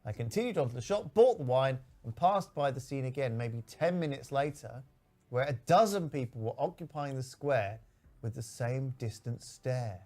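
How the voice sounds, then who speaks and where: A man co-hosting a podcast in casual chat, reading listener stories aloud with quick, sweary asides. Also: medium pitch, lively intonation, darkish tone. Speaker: podcast co-host.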